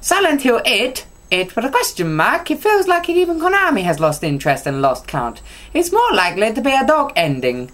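Woman doing a mock Italian accent, exaggerated, slow, raised pitch. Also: big pitch swings, a bit bright. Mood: hammy. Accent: put-on Italian.

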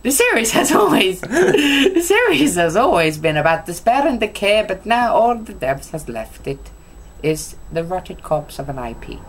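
A woman's voice: mid-range voice, big pitch swings, normal speed, breathy edge. A woman reading magazine text in a put-on, exaggerated Italian accent. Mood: hammy.

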